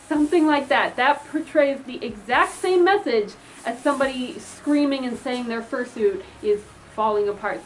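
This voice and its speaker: A woman's voice: on the high side, slight background noise, low-quality recording. A young woman who makes fursuits, giving chatty advice to customers and pleading with them while acting out the messages they might send. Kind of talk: casual advice vlog.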